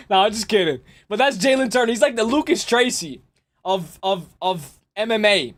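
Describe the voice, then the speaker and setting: A man hosting a live stream, chatting casually and excitably with his viewers and laughing often. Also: high-pitched, normal speed. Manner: excitable, laughs often, talks straight to chat. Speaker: livestream host.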